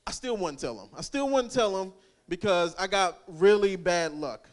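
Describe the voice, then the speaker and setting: A man's voice: high voice, lively intonation, normal speed. A young man doing rambling, crude stand-up at an open mic, laughing at his own jokes. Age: young adult. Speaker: stand-up comic.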